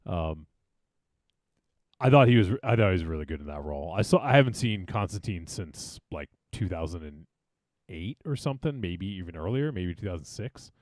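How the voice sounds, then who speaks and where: A man's voice: deep voice, expressive, normal speed, darkish tone, no echo, clean studio sound. A man co-hosting a horror film podcast in casual chat, laughing often and reading out listener comments. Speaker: podcast co-host.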